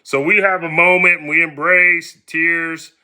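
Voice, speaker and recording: With a slightly high voice and an unhurried pace, a middle-aged US man casually shares a story about himself on his podcast. He brings it to life by animatedly acting out the voices of the people in it.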